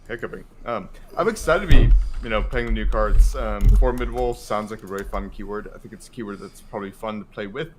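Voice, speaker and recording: A man's voice: fairly low pitch, fast talker, few pauses, soft background music. A man co-hosting a casual gaming podcast, easygoing and hedging his points with frequent ums. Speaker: podcast co-host.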